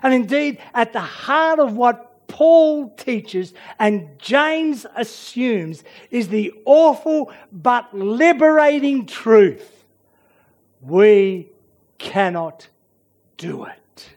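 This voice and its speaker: High-voiced man preaching an earnest sermon. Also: lively intonation, extremely slow. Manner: earnest, dynamic, swings between emphatic and hushed.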